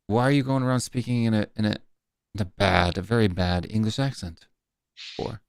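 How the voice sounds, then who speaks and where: A middle-aged man with a lowish voice that sounds very clean and smooth, recorded close and dry on a desk mic. He hosts a live fan stream and rants bluntly, stretching out his filler words. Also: fairly quick, dry recording. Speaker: host. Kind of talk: live post-match fan stream chat.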